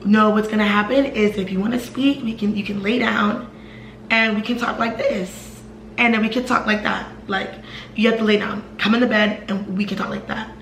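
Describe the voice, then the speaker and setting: A woman's voice: medium pitch, fairly even intonation, normal speed, a bit bright, reverberant, a little hiss or hum, close to an everyday voice, rough recording. A woman voicing a rude, dismissive young man who snaps from bed in a storytime retelling. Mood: snappy.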